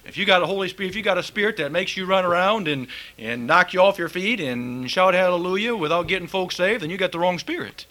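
A man's voice: high-pitched, fast talker, sharp tone. A man preaching a fiery, folksy sermon and reading scripture aloud.

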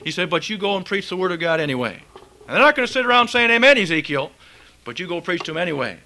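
A man's voice: high-pitched, very animated, racing, bright, forceful tone. A man preaching a fiery, folksy sermon and reading scripture aloud.

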